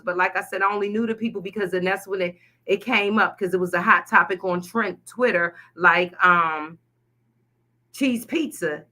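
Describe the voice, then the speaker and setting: A woman co-hosting a casual talk show, speaking in an animated, outspoken, slangy way. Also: medium pitch, normal speed. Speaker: co-host. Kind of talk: casual chat.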